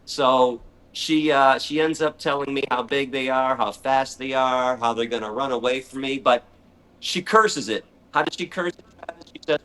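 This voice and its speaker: A middle-aged man telling a story in conversation, animated and excitable. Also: medium pitch, moderate pace. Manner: animated, excitable storyteller who acts out his own shrieks. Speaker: animal rights speaker, guest.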